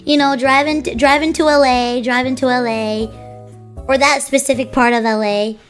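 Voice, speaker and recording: A woman streamer tells a story in a casual, animated way, rambling and cutting herself off as she goes. Her voice sits very high. Light music plays faintly in the background. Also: moderate pace. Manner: animated, rambling, self-interrupting.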